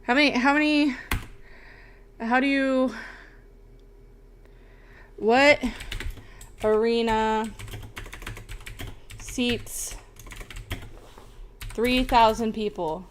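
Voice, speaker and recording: A woman's voice: fairly high pitch, drawn-out words, pauses often, a little hiss or hum. A young woman streamer chatting casually and rambling, swearing often and tagging lines with "bro" and "okay?". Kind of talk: casual livestream chat.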